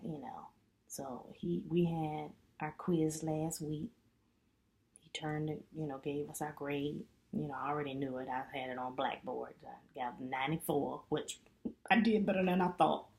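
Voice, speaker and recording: A middle-aged woman vlogging as a student, telling a chatty, animated story full of asides. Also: low-pitched, creaky. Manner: chatty, animated retelling with lots of "you know". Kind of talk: casual storytelling vlog.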